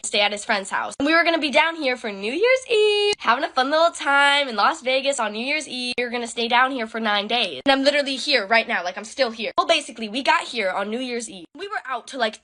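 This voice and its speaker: A woman's voice: fairly high pitch, sharp tone. A teenage girl telling a personal story in a casual, chatty way, full of "like" fillers and quoting people as she goes. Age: late teens. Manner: recounts events in present tense, quoting others.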